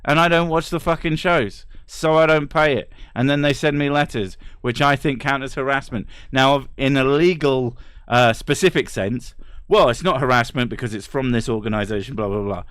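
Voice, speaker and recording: A man talks loosely and bluntly on a stream, swearing freely and breaking into short laughs. His voice sits at an ordinary pitch and the sound is close and dry, with no room in it. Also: normal speed, few pauses, a bit bright, clear, resonant tone, no room sound. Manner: blunt, profane ranting with laughs. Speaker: streamer reading chat. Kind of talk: casual livestream chat.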